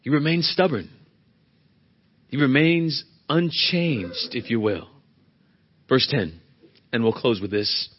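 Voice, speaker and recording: A man's voice: mid-range voice, slow, pauses often, slightly rough, lo-fi sound. A male pastor preaching a sermon in an earnest, emphatic way, often asking the congregation rhetorical questions.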